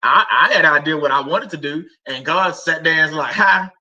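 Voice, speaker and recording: Bright-voiced middle-aged man, rambling faith talk. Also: a little high, fairly quick, lo-fi sound. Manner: rambling, conversational, many fillers and restarts. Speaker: livestream host.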